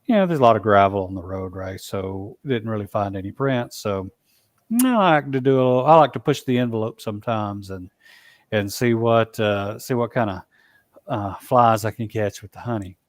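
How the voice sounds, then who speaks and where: A man telling a long story as a guest in a casual interview, halting, with frequent restarts and asides. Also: fairly low pitch, dry recording. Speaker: guest, Bigfoot researcher.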